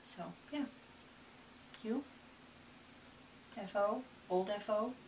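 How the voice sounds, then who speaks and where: On a casual knitting podcast, a woman co-host speaks extremely slowly at a medium pitch. She's chatty and self-deprecating while recovering from a cold. The mic sits at a distance, with faint room noise.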